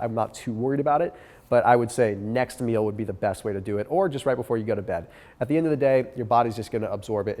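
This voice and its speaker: A man with a nasal, stuffed-up voice from a cold, answering viewer questions in a quick, direct, coaching way. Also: fairly low pitch, darkish tone, long reverb tail. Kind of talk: casual Q&A advice.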